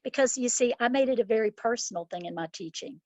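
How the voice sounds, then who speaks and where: A middle-aged woman who is a school principal tells heartfelt, reflective stories in response to interview questions, mimicking children's voices. She speaks quickly, with a fairly high pitch and darkish tone. The recording has no echo.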